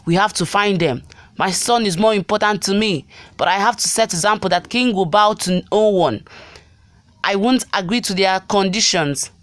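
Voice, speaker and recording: A woman's voice: mid-range voice, moderate pace, no echo, lightly acted. A woman reading the lines of a proud, stubborn male emperor in a commanding, defiant way.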